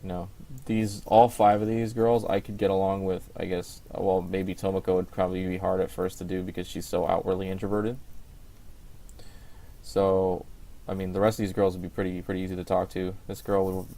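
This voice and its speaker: Young man, very deep voice, casual podcast chat, rambling, lots of fillers. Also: flat delivery, brisk, vocal fry, warm tone. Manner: rambling, full of fillers and restarts. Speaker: podcast co-host.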